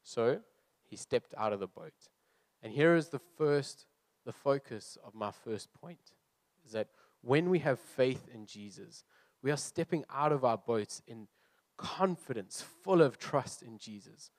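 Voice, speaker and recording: A man's voice: medium pitch, lively intonation, unhurried, a little mellow, no room sound. A young man who is a youth leader, preaching earnestly and reading scripture aloud before explaining his points. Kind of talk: sermon.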